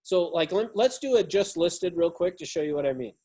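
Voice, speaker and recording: A man's voice: sits high, lively intonation, fairly quick, a little mellow, slightly rough. A man demonstrating a sales call in a coaching role-play, upbeat and full of enthusiastic affirmations. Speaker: real estate agent demonstrating a call.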